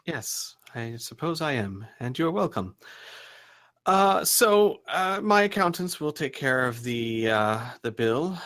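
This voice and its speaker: A man's voice: a little high, very animated, fairly bright tone, voice pushed up, heavily acted. A man voicing a cool, shrewd businesswoman fence. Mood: gracious. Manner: cool, measured bargaining. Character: shrewd middle-aged businesswoman fence, smooth-talking.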